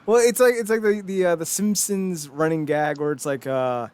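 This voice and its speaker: A man's voice: fairly high pitch, moderate pace, clear, resonant tone. A man in his thirties hosting a podcast, chatting casually and joking with lots of laughter. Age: 30s. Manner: animated, joking, laughs often. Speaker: podcast host. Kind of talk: casual chat.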